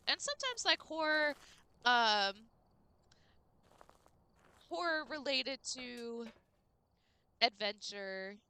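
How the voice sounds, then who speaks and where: A woman's voice: on the high side, pushed and bright, clean tone. A young woman streaming a game, chatting casually and rambling to her viewers with lots of "like" fillers.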